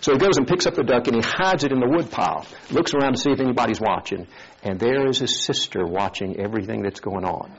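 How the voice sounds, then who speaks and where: A man preaching a sermon, telling a story and acting out its voices in an animated way. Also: medium pitch, quick pace, muffled recording.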